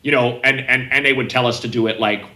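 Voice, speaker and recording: A man's voice: medium pitch, steady tone, fast talker, pushed and bright. Male comic guest, rambling storyteller, ringing tone, roomy sound. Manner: rambling, self-interrupting anecdotes with quoted voices. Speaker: comedian guest. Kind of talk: casual podcast storytelling.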